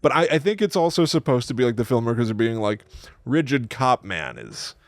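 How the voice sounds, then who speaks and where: Man, podcast co-host, casual chat, enthusiastic, chuckling, mid pitch, dry studio mic. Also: big pitch swings, brisk, no echo. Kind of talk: casual chat about films.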